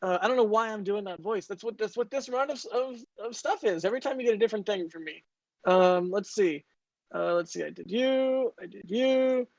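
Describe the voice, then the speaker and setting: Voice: mid-range voice, no room sound. Giggly chatty livestream host, muffled sound. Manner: giggly, chatty, quick asides. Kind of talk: casual live-stream chat, reading viewer messages. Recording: muffled lo-fi dry audio.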